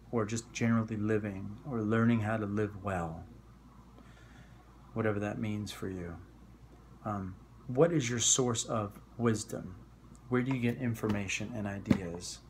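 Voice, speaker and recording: A man with a New York accent delivers an informal devotional message in a fairly low, gravelly voice. He talks the way a friend would, reflective and casual, and he poses questions straight to his listeners. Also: slight background noise. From New York area. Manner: conversational and reflective, with asides and rhetorical questions. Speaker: Christian speaker.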